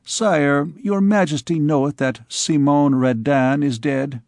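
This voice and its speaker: A man's voice: a little high, takes it slowly, a little mellow, no room sound, studio quality. A man reading as a fawning, ambitious courtier. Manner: deferential, fawning. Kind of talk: audiobook character reading.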